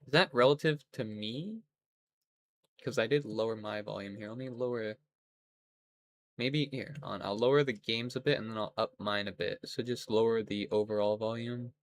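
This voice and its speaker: A young man chats casually during a game stream, rambling, swearing and laughing often. His voice sits on the low side and moves at a normal speed.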